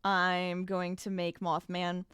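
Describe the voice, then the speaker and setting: A woman's voice: fairly low pitch, completely flat delivery, slow, a bit bright, clean tone, no echo, clean studio sound. A woman chatting casually on a livestream while she crochets, laughing often and trailing off mid-sentence, a little out of breath. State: a bit out of breath.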